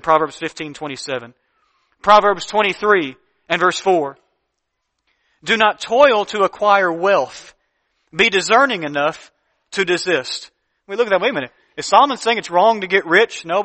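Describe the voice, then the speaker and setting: A man with a high, ringing voice delivers a sermon. He reads scripture slowly and deliberately, then explains it in plain, earnest words. He drives home his points with emphatic repeated lists. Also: pushed and bright. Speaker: preacher. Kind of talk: sermon teaching from Proverbs.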